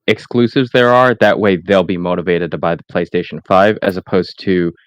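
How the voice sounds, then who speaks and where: Low-voiced podcast co-host. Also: male voice, steady tone, fairly quick, dry recording. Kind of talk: casual podcast chat.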